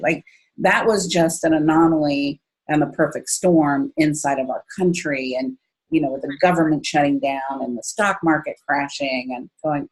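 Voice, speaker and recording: A woman in her fifties, a guest in an interview, telling her story in an expressive way and jumping up high when she quotes herself. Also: normal speed, husky, poor audio. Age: 50s. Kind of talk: conversational storytelling.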